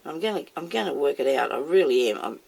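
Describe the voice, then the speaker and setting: A woman's voice: deep voice, animated, quick pace, gravelly, a little mellow, slightly rough. A woman chatting casually as she demonstrates making moulds, talking herself through each step and scolding herself by name. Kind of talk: casual how-to video.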